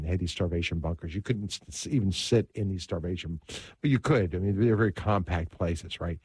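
A man's voice: deep voice, a little mellow, breathy edge, no room sound. A man hosting a religious talk show who tells stories of saints in an earnest, devout way. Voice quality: earnest, devout storytelling manner. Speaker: host.

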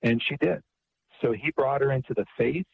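Man, radio guest, husky voice, dry muffled sound, animated storyteller. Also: mid-range voice, moderate pace, no room sound. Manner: animated, repeats words often. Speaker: author and guest.

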